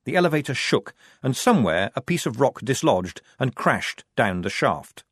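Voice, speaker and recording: Wry, expressive male audiobook narrator. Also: mid-range voice, moderate pace, husky, no echo, studio quality.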